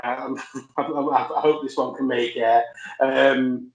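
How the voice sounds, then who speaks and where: A man's voice: mid-range voice, level tone, takes it slowly. A man telling rambling, self-correcting stories as a podcast guest. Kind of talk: casual anecdote chat. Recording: roomy echo.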